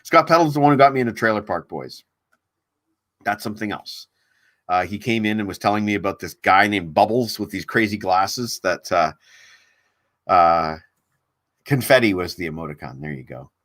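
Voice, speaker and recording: A man with a fairly low voice hosts a laid-back livestream, wandering from thought to thought with stops and restarts. He reads out viewer comments as he goes. The sound is dry and close, with no room around it. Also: expressive, fairly bright tone, no echo. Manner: rambling and halting, reads viewer comments aloud. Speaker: livestream host. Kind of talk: casual livestream chat. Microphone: desk mic on a laptop stream.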